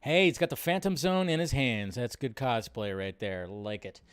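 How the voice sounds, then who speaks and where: A man hosting a live stream, chatting casually and excitedly with lots of fillers and swearing. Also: mid-range voice, normal speed, clean tone, no echo. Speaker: host.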